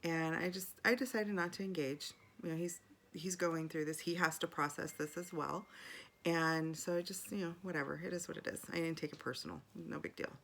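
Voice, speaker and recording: A woman's voice: low-pitched, steady tone, fairly quick, gravelly, a bit bright. A middle-aged woman in a casual video journal, telling a personal story in a chatty, rambling way full of fillers and restarts.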